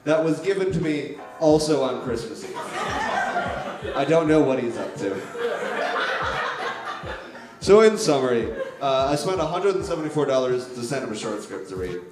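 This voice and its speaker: A man doing stand-up on a comedy club stage, delivering a mock-formal slideshow presentation in a deadpan manner. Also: medium pitch, moderate pace, long pauses. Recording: echoey club with music.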